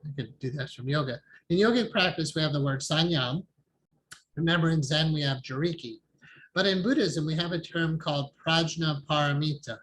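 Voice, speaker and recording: Man, meditation teacher, calm conversational, laughs often, slightly high pitch, faint background noise. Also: poor audio. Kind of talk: online support group class. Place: home, online video call. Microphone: video call microphone.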